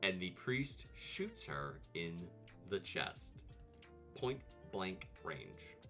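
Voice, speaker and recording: Low voiced streamer guy ranting about a movie, swears a lot, voice bouncing all over. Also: extremely slow, faint music behind. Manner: animated, profane, sarcastic ranting. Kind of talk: comedic movie commentary.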